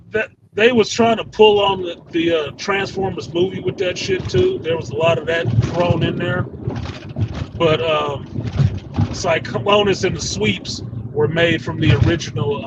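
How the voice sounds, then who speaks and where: Gravelly animated man ranting. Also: high-pitched, measured pace, heavy background noise. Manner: animated, profane, laughing rant. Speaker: host. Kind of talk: casual reaction chat. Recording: dull lo-fi sound, far from mic.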